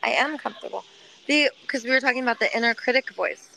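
Gentle, nurturing woman in a heart-to-heart chat. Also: a little high, fast talker, creaky, a little hiss or hum, poor audio. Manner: gentle, nurturing, many filler likes.

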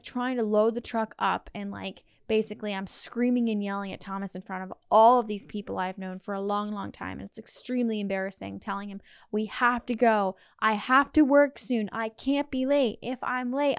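A woman's voice: mid-range voice, vocal fry, clear, resonant tone, dry recording, clean studio sound. A woman co-hosting a podcast, chatting casually and filling her speech with "like" as she tells a story. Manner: chatty, heavy use of "like". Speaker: podcast co-host. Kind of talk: casual chat, telling a dream story.

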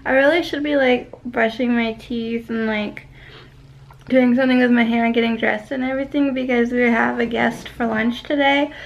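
A woman's voice: fairly high pitch, little pitch movement, normal speed, creaky, dull audio, slight background noise. A young woman vlogging casually to camera from a vacation condo, rambling with lots of fillers and restarts.

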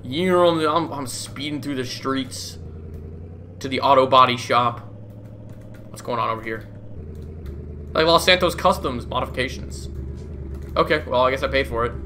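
A man's voice: medium pitch, normal speed, pauses often, sharp tone, a little hiss or hum. A young man giving casual, goofy commentary as he plays a game, laughing often and swearing casually. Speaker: gaming YouTuber.

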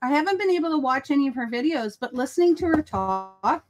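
High-voiced chatty woman crafting live. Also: animated, faint music behind. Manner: chatty, rambling, quick asides. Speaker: livestream host. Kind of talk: casual chat while crafting.

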